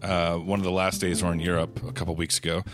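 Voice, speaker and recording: A man's voice: low voice, flat delivery, fast talker, over music. A man co-hosting a podcast, telling a casual story in a rambling way with plenty of fillers. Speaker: podcast co-host. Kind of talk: casual chat.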